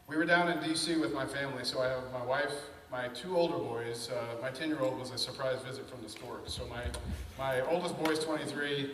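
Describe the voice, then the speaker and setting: A man in his fifties giving an animated, conversational talk to an event audience, telling personal stories. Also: medium pitch, fairly quick, hardly any pauses, recorded from a distance. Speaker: panel speaker. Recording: echoey hall from afar, faint noise.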